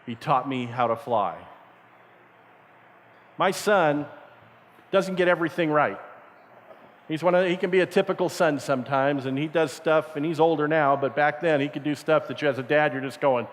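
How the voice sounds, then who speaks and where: This middle-aged camp speaker's voice is a little high; he keeps a moderate pace but pauses often. His sermon is built on stories, and he animatedly acts out their voices in a reverberant meeting hall.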